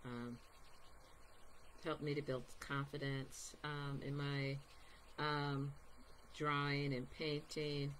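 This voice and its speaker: Low-voiced lady chatting through a paint demo, lots of ums, faint room hiss behind. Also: level tone, slow pace, pauses often, a bit bright. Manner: chatty, rambling, many ums, giggles to herself. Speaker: artist giving a painting demo. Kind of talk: casual live art demonstration.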